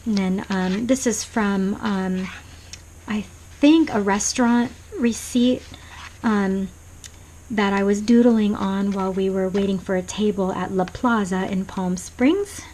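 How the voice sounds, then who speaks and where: A woman's voice: mid-range voice, fairly even intonation, a little slow, rough recording. Female craft vlogger, casual and meandering, mid-range voice, home desk recording with slight background noise. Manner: rambling and soft-spoken, many ums and restarts. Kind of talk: casual show-and-tell flip-through.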